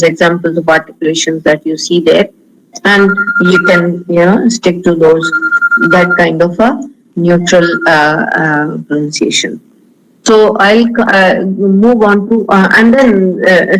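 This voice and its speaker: Man, Indian English accent, lecturer tone, high voice, measured with many uh's. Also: poor audio. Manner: measured, slows to model words, frequent fillers. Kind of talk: online lecture on pronunciation.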